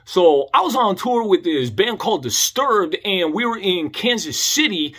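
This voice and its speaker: A man's voice: high-pitched, sing-song, moderate pace, fairly bright tone, husky. A young man telling a comedic story in a laid-back, slangy way, calling the listener homie and dog.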